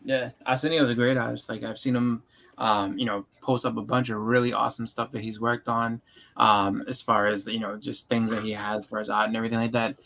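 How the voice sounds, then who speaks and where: A man's voice: medium pitch, little pitch movement, fairly quick, gravelly, fairly bright tone, rough recording. A man chatting casually on a comics stream, rambling with lots of fillers and restarts. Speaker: co-host.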